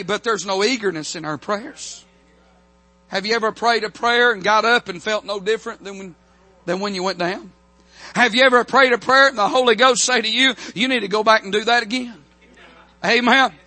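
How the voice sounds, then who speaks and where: A man preaching a revival sermon from a church pulpit, fervent, with frequent amens and slow, drawn-out scripture quotes. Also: extremely high pitch, pushed and bright, no echo. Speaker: pastor.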